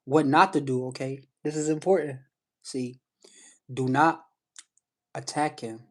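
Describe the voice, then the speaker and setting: A man's voice: medium pitch, steady tone, a little slow. A man hosting a live stream, coaching callers with emphatic, repetitive advice and frequent "you know what I'm saying.". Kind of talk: casual coaching talk to callers.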